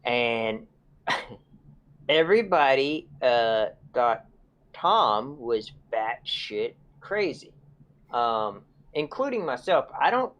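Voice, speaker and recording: Slow, laid-back man chatting. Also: mid-range voice, big pitch swings, fairly bright tone. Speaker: podcast co-host. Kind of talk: casual chat.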